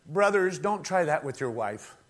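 A man preaching a sermon, conversational and animated, acting out quoted voices and rising to shouts at climaxes. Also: a little high, moderate pace.

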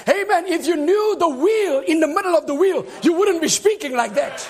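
A man preaching with an unusually high voice that climbs even higher as he shouts. He delivers a fervent sermon and keeps calling out for amens from the congregation. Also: moderate pace, few pauses, some chatter behind.

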